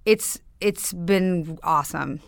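A woman's voice: fairly low pitch, slow, gravelly, dry recording, studio quality. A woman guest in a casual podcast chat, chatty and self-deprecating, laughing often.

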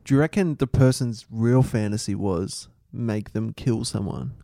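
A man, co-hosting a podcast, throwing in quick crude quips. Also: on the low side, gravelly, warm tone, no echo, clean studio sound. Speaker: podcast co-host. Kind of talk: casual chat.

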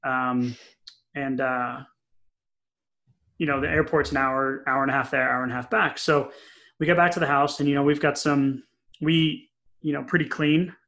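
Middle-aged male podcast co-host, chatty storyteller, mid pitch, lots of ums. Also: normal speed, pauses often. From New England. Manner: chatty, animated storyteller with many fillers. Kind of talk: casual podcast chat, storytelling.

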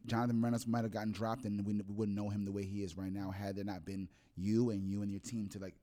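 A man's voice: fairly low pitch, level tone, fast talker, mellow. A man hosting a podcast in casual chat, earnest and affirming. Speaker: podcast host.

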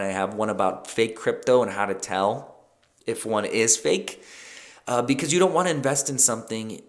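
Low-voiced man hosting a casual podcast. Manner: conversational, with frequent fillers and self-corrections. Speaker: podcast host. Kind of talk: casual solo podcast talk.

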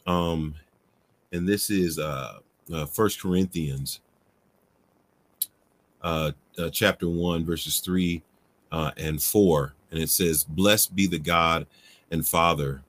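A man's voice: deep voice, slow, pauses often, fairly bright tone. A man hosting a faith-based livestream, answering viewer questions in a conversational way with frequent "right?" and fillers. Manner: conversational, asks "right?" often, many fillers.

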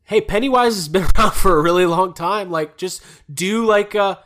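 A man's voice: high voice, moderate pace, fairly bright tone. Joking man hosting a podcast. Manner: joking, laughs a lot. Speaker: podcast host. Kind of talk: casual chat.

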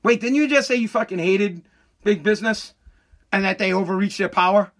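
Heated, profane woman ranting. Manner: swings from shouting to slow, low emphasis. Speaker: political commentator. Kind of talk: ranting political commentary.

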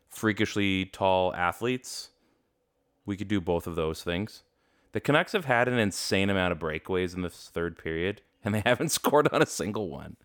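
Deep-voiced man bantering about hockey. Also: clean tone. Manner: animated, jokey, laughs often. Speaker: podcast co-host. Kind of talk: casual sports talk.

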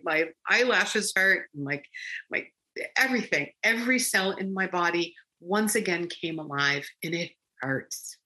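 A woman guest recounting a personal experience in conversation, animated and rambling with frequent restarts. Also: fairly low pitch, rough recording.

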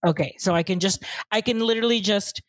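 A woman's voice: mid-range voice, fast, no room sound. A woman co-hosting a casual gaming podcast in a playful way, moving the show between segments. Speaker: podcast co-host.

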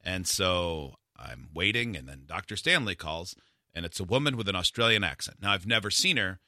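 A man with a very bright, forceful tone and a slightly low pitch tells a long, rambling story about himself. He jokes at his own expense. The sound is dry and close, with no room echo. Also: expressive, moderate pace. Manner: self-deprecating, rambling storyteller. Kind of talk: casual storytelling chat.

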